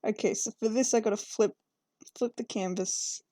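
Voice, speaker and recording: A woman's voice: medium pitch, fairly even intonation, normal speed, dark tone, no room sound. A young woman chatting casually as she draws on stream, rambling and giggling and talking to her cats. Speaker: streamer drawing fan art. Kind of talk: casual chat while drawing.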